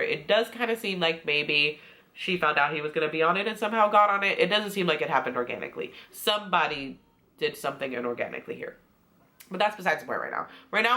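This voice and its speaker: A young woman casually recapping a reality show in a chatty, profane way, acting out quotes as she goes. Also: on the low side. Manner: chatty, profane, animated retelling with acted quotes. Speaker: recap vlogger.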